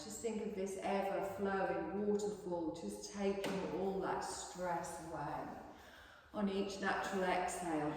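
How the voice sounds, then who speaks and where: Soothing yoga teacher in an echoey hall. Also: female voice, medium pitch, recorded from a distance, slight background noise. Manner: calm, soothing, gently coaxing. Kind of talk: guided relaxation instruction. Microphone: distant room mic.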